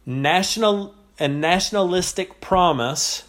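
A man preaching an expository sermon, teaching in a measured way with pauses and repeated phrases. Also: high-pitched, a bit bright.

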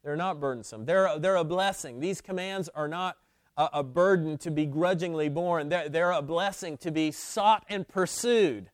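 A man's voice: on the high side, normal speed, no echo, studio quality. A man preaching a sermon to his congregation, pressing points home by repeating key phrases, with frequent restarts. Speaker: pastor.

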